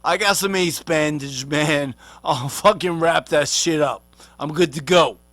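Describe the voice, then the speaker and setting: A man with a high, bright voice delivers a rambling, swear-heavy comic rant. He talks slowly and unhurriedly, full of street slang, and now and then refers to himself in the third person. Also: no echo. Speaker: vlogger.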